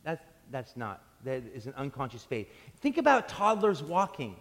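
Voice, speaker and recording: A man preaching a sermon as pastor, telling stories in an animated way and often restarting his sentences. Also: medium pitch, moderate pace. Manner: animated storytelling with frequent restarts. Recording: long hall reverb.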